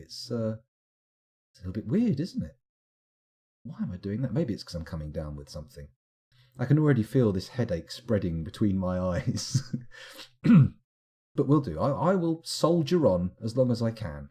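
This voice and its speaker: A man giving live, rambling let's-play commentary, animated and self-mocking as he chats and wanders off on tangents. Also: fairly low pitch, brisk, slightly rough. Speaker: streamer playing a management game.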